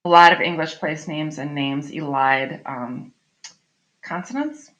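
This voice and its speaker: A middle-aged woman teaches a literature class in a recorded online lesson, her voice low, unhurried, and fairly bright. She explains things chattily and often checks in with "right?", and the lo-fi audio sounds slightly dull.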